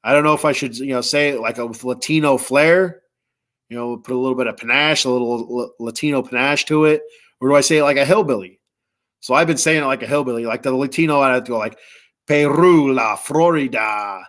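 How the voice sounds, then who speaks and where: A man hosting a sports podcast, reading sponsor spots casually with lots of fillers and slow, careful reading of phone numbers. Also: mid-range voice, a bit bright. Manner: rambling, filler-heavy, tired; reads numbers slowly and deliberately. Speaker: podcast host.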